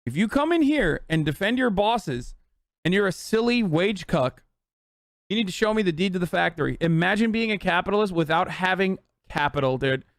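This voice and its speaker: Swearing streamer guy ranting at chat, kinda high voice, dead dry sound. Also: lively intonation, normal speed, a bit bright, no room sound. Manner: profane, ranting, mocking. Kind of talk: casual live-stream commentary.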